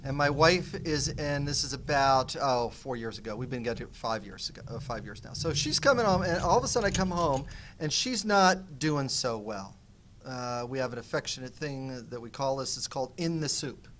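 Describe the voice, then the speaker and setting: Animated man telling a story. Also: medium pitch, normal speed, noisy background. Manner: animated, acts out dialogue. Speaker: nonviolent communication teacher. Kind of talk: storytelling panel talk.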